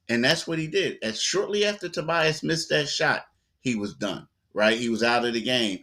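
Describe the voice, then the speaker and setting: A man co-hosting a sports talk show, telling stories in a loose, animated way with lots of quoted asides. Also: mid-range voice, normal speed.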